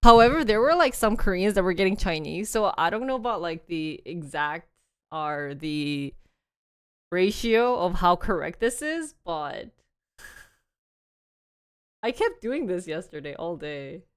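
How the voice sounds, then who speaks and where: A woman's voice: fairly low pitch, very animated, a little slow, a bit bright, smooth, no echo, studio quality. A young woman hosting a casual livestream, chatting in a rambling way, laughing often and reading short passages aloud. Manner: reads sample passages aloud to a phone app. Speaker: livestream host.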